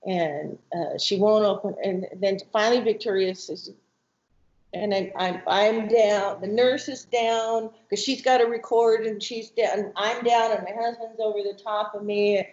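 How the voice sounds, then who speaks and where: A mother appearing as a guest tells an emotional personal testimony about her family, vividly acting out the voices she quotes, with some restarts. Her voice is medium-pitched, steady, unhurried and darkish, in a roomy, dull lo-fi recording.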